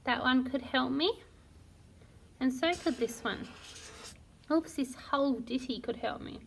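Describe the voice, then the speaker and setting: A woman teaching a phonics lesson to young children, sounding out words slowly and praising often. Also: sits high, creaky, slight background noise. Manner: slow, sounding out words syllable by syllable; encouraging and praising. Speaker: primary school teacher.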